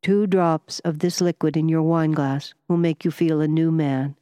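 A woman voicing a calm, serious male wizard and scientist who speaks quietly and in a measured way. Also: sits low, smooth, dry recording, studio quality, lightly acted.

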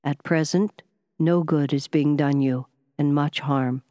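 A woman voicing a calm, serious male wizard and scientist who speaks quietly and in a measured way. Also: deep voice, no echo, clean studio sound.

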